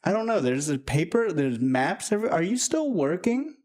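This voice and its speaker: A man's voice: big pitch swings, moderate pace, darkish tone. A man voicing a bossy, caring adult daughter in a tabletop role-play, fussing and scolding. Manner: fussing, scolding, high-pitched.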